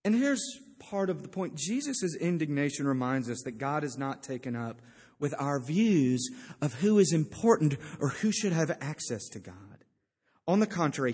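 A man's voice: a little high, darkish tone, slightly rough, in a large hall. A male pastor preaching a sermon, with emphatic storytelling. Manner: emphatic storytelling with acted-out quotes.

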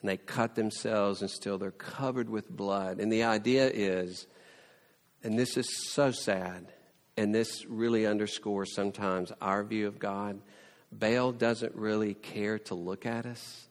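A man preaching a sermon, telling the story with lively, playful asides and mock sarcasm. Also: lowish voice, a little slow, in a large hall.

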